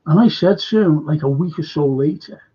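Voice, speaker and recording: Scouse guy rambling through a story on his stream, raspy rough voice, kinda muffled lo-fi sound. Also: a little high, fairly quick. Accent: Liverpool (Scouse). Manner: meandering, many restarts and asides, earnest. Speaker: current affairs livestream host. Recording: dull lo-fi livestream audio.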